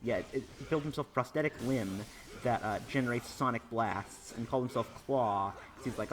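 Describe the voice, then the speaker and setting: A man's voice: fairly low pitch, brisk, soft background music. Rambling young man doing game commentary. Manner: rambling, filler-heavy storytelling. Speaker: gaming YouTuber. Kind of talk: casual let's play commentary.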